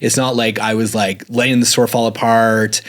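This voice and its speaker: A man's voice: fairly low pitch, moderate pace. A man telling stories casually in an interview, rambling and full of "like" fillers. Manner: rambling, filler-heavy, says "like" often; animated when retelling dialogue. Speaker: guest.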